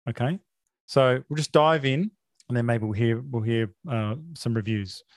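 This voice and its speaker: A man's voice: mid-range voice, moderate pace, no echo, clean studio sound. Sarcastic man hosting a film podcast. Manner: sarcastic, mock-outraged deadpan. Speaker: podcast host. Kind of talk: casual film review chat.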